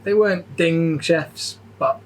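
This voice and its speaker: A man's voice: on the high side, takes it slowly, poor audio. A man chatting casually as a podcast co-host, telling a rambling story full of swearing and stammered restarts. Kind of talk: casual chat.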